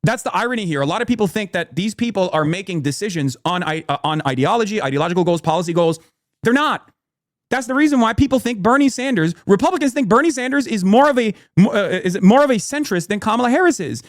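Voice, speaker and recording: A man's voice: high-pitched, animated, quick pace, no room sound, studio quality. A man ranting through combative, profane political commentary on a live stream.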